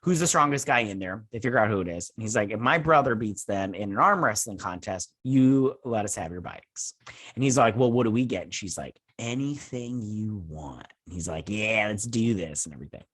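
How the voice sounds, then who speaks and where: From home, with children playing nearby, a man hosts a casual recap of a TV episode, rambling and sarcastic, swearing in asides and saying "and everything" and "he's like" a lot. His voice is on the low side, animated, brisk and fairly bright, with no echo.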